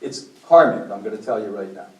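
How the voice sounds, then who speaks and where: A man's voice: fairly low pitch, expressive, a little fast. A man giving a blunt, preachy talk to a group at a health meeting, throwing questions at the audience. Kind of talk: impassioned lecture to a group. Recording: echoey room from far off.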